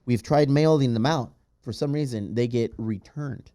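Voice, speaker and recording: A man hosting a podcast in casual chat, reading out patron names in a loud, playful way with plenty of swearing. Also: mid-range voice, normal speed. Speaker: podcast host.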